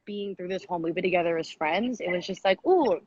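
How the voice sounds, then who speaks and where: A woman's voice: on the low side, a little fast, a little mellow, breathy edge. A bubbly, playful woman chats casually on a live stream, teasing and joking as she talks. The audio is a bit dull and lo-fi, like a phone stream. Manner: playful, bubbly, quotes herself in funny voices. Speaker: actress.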